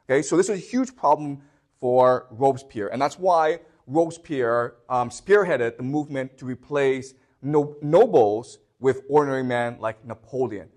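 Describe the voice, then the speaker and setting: Man lecturing a class, checking in often. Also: medium pitch. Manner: lively, repeats "okay" to check understanding, many fillers and restarts.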